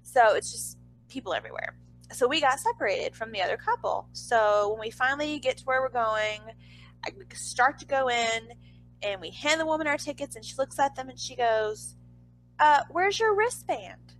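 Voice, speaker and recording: A woman's voice: moderate pace, fairly bright tone, soft background music, low-quality recording. A woman casually telling a personal story, chatty and full of "like", swearing now and then and acting out others' lines. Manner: acts out others' lines in a higher voice.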